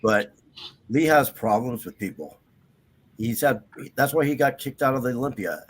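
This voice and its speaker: A man's voice: medium pitch, lively intonation, normal speed, breathy edge, poor audio. A man on a podcast panel speaking bluntly and dismissively, heard over a video call. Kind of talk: casual talk.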